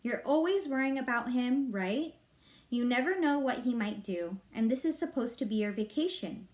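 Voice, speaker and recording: A woman's voice: on the high side, expressive, moderate pace, darkish tone, natural voice. A woman reading aloud, voicing a confident girl making her case to an adult. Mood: persuasive. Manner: persuasive, smug. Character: confident know-it-all girl.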